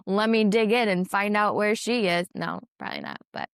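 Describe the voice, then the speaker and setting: A woman's voice: medium pitch, moderate pace, gravelly, clean tone, dry recording, clean studio sound. A woman co-hosting a podcast in casual chat, reflective and hesitant, often trailing off. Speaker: podcast co-host.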